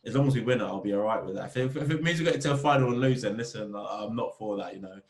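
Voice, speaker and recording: Footballer guy telling animated stories, voice jumps up on the funny bits. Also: very fast. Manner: animated storyteller, rising pitch when telling funny stories. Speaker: football club captain, podcast guest. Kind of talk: casual interview chat. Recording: roomy echo.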